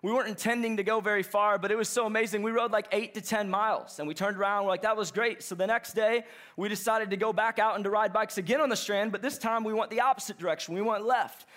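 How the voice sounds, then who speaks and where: High-voiced young pastor telling a story. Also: male voice, fast. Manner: animated, chatty storyteller. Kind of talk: sermon with storytelling.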